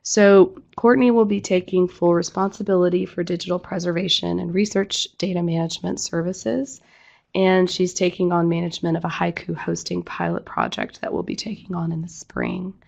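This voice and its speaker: A woman who has nearly lost her voice speaks in a croaky, gravelly rasp, a little low in pitch. She gives an online update in a businesslike, apologetic way with scattered fillers. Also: steady tone, moderate pace, darkish tone. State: hoarse, losing her voice. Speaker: executive director giving an update. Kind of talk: online presentation.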